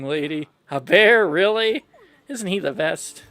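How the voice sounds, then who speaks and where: A man's voice: sits high, animated, takes it slowly, a bit bright, no room sound. A man casually playing through a story game, playfully reading every character's dialogue aloud in his own voice. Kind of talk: casual game playthrough commentary.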